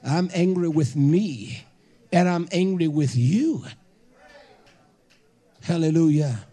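A man preaching a fiery sermon to a congregation, hollering and emphatic, with bursts of shouting. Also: on the high side, lively intonation, slow pace.

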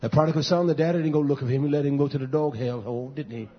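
A man preaching a fiery sermon, swinging from shouts to low mutters. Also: fairly even intonation, very fast, muffled recording.

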